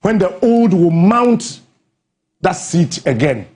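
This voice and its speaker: Fiery Ghanaian man, high and lively. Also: takes it slowly. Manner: emphatic, preacher-like repetition, switching into Twi. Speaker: morning show host. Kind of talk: impassioned talk-show commentary.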